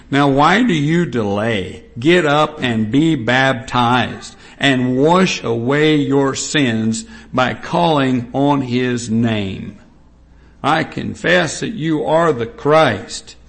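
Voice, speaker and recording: A male preacher delivers a sermon with scripture readings, repeating key points with steady emphasis. His voice is gravelly and his delivery unhurried, drawn out and deliberate. He speaks at a mid pitch. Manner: slow, emphatic and repetitive.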